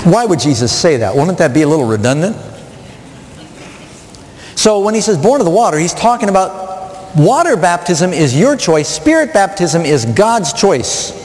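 A man preaches a sermon with a fairly high voice that swings widely in pitch as he builds each point. He poses rhetorical questions to a studio audience and drives home his emphasis. His voice rings with a long reverb, as if filling a large hall. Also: sing-song, normal speed, a little mellow. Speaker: pastor.

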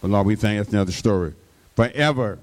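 A man's voice: fairly low pitch, fast, darkish tone. A man preaching a sermon, drawing out his words and breaking in with frequent call-and-response interjections to the congregation.

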